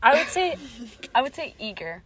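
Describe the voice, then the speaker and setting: A young woman co-hosting a podcast, making goofy, deadpan one-liners in casual chat. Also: high-pitched, moderate pace, crowd noise. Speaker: podcast co-host.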